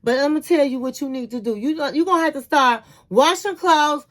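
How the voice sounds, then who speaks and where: A woman's voice: high-pitched, a little fast, lightly acted. A woman voicing a fed-up husband who lectures his wife in an exasperated way while she recaps a TV episode.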